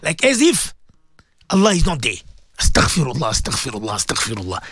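A man hosting a religious radio show as a cleric, speaking emphatically and repeating phrases, his throat sore and often cleared. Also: medium pitch, huge pitch swings, a little fast, fairly bright tone, no room sound, clean studio sound. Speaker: radio host and Muslim cleric. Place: radio studio.

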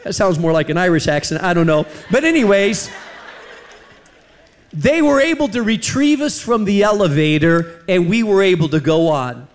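American preacher guy, high voice, tells stories n acts out the lines. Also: normal speed. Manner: animated, acts out quoted voices. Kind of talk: sermon storytelling.

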